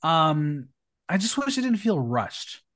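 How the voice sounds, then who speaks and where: A man hosting a casual recap podcast, opinionated and animated. His voice sits a little high and swings widely in pitch. He is recorded dry and close, with no room sound. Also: slow, dry recording. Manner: animated, opinionated, swings between loud and hushed. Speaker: podcast host.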